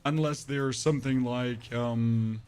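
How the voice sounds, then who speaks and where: A hoarse man casually commenting on his gameplay on a live stream, chatty and joking as he talks to his chat. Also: mid-range voice, fairly even intonation, takes it slowly, darkish tone. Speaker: game streamer.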